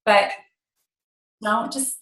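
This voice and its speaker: Speaking very slowly, the woman in her thirties tells a personal story as a guest on a team call, earnest and emotional at times with lots of fillers. Her voice is a bit bright, and the low-quality recording sounds roomy.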